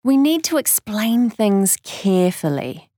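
A woman voicing a practical, brisk schoolgirl twin. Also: mid-range voice, sing-song, warm tone, no room sound, clean studio sound, voice pushed up.

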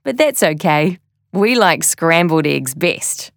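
A woman's voice: low-pitched, expressive, slow, vocal fry, no room sound, exaggerated voice. Earnest young schoolboy, read by a woman, dry close sound. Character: schoolboy twin, earnest and worried.

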